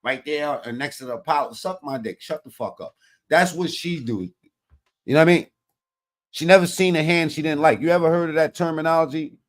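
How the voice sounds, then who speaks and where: A man's voice: fairly high pitch, a little fast. A man giving blunt, profane, rambling commentary as he reacts to video clips. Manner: blunt, heavy swearing, rambling street talk.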